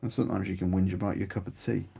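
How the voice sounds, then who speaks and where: British male streamer, low gravelly voice, dark tone, rambling casual hobby chat. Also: rapid-fire. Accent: British English. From United Kingdom. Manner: rambling, chatty, grows animated. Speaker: miniature painting streamer. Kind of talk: casual chat while painting.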